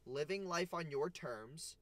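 Male vlogger, fairly high voice, dry close sound, blunt profane scolding pep talk. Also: expressive, a little slow, dry recording. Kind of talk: motivational rant to camera.

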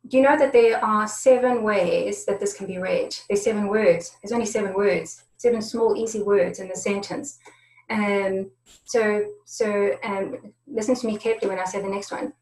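A woman's voice: mid-range voice, steady tone, moderate pace, a little mellow. A woman giving a conversational webinar presentation on negotiation, often stopping and repeating words as she goes. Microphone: video conference setup. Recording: roomy echo.

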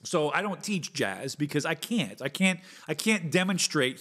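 A man's voice: on the high side, lively intonation, normal speed, few pauses, fairly bright tone. A man in his thirties hosting his own podcast, talking in an earnest, rambling way with lots of fillers and casual swearing. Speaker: podcast host and guitar teacher. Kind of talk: casual solo podcast monologue.

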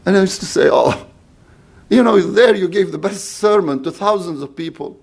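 A middle-aged man delivers a sermon, talking to his congregation in an earnest, conversational way. His voice sits somewhat high for a man, and he often breaks off and starts his sentences again. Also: expressive, moderate pace, vocal fry, a little mellow, slightly rough. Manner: earnest, conversational preaching with many restarts. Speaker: pastor.

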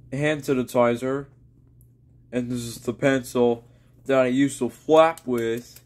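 A man's voice: mid-range voice, darkish tone. A young man making a silly, rambling home vlog in his bedroom, repeating words as he goes.

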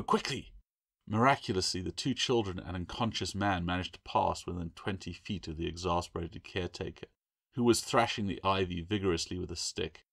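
A man reading his own novel aloud as a steady, measured audiobook narration. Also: deep voice, gravelly, no echo, studio quality.

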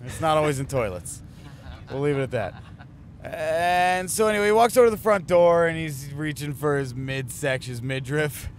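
A man's voice: on the high side, expressive, moderate pace, slight background noise. A man from a touring band's crew telling a rambling, profane road story in a casual chat inside a moving van. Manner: rambling, profane, self-mocking. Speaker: touring band crew member.

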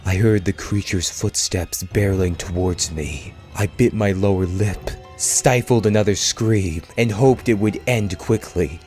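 A man reading a scripted horror story aloud as narrator, in a slow, measured, hushed storytelling manner. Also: low voice, soft background music.

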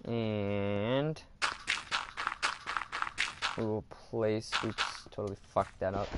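A man's voice: fairly low pitch, fairly even intonation, slow, long pauses, noisy background. A man giving casual commentary while playing a game, chatting to viewers and groaning at his own mistakes. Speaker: gaming video host. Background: background music.

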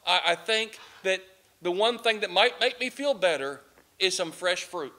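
A man's voice: high-pitched, moderate pace, bright, forceful tone. A man doing a sick, hesitant son. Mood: weak. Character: sick young son asking his mother.

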